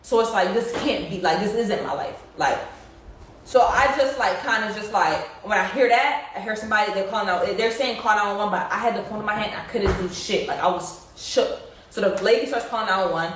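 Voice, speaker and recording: A woman's voice: medium pitch, fairly quick. Young woman telling a story, echoey room. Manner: emotional, rambling, many "like" fillers. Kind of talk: casual storytelling to viewers. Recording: distant, very echoey room, faint noise.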